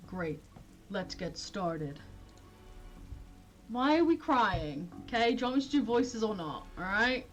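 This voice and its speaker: A woman's voice: mid-range voice, sing-song, a little slow, pauses often, fairly bright tone, faint music behind. A young woman streamer chatting casually and self-deprecatingly while she plays a detective game, often giggling. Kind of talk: casual gameplay commentary.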